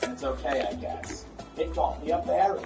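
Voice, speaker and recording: A woman's voice: low voice, a little fast, creaky. A woman streamer giving casual let's-play commentary, sarcastic and profane, talking back at the game. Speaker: gaming streamer. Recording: roomy, distant mic with game music.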